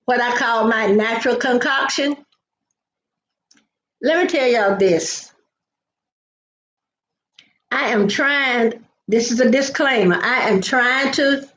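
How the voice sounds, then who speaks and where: Chatting easily on a live stream, an older woman welcomes viewers by name and wanders into anecdotes about her family. She speaks in a slightly high, fairly bright voice, and the audio is reverberant with a bit of hiss or hum.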